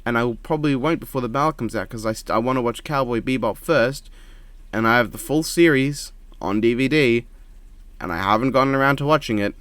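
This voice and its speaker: A man giving casual reaction commentary at home, speaking quietly in a monotone and rambling with frequent restarts into a microphone. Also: mid-range voice, fairly quick, no echo. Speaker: reaction video creator. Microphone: desk microphone.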